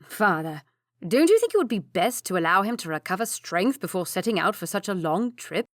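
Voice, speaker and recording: A woman's voice: medium pitch, big pitch swings, brisk, no echo, clean studio sound, close to an everyday voice. A woman voicing an earnest young English nobleman who speaks with concern for his brother.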